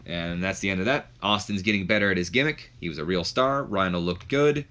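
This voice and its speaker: A man's voice: deep voice, fairly quick, few pauses, bright, forceful tone. A man giving casual, rambling commentary on a wrestling management game playthrough. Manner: rambling, filler-heavy.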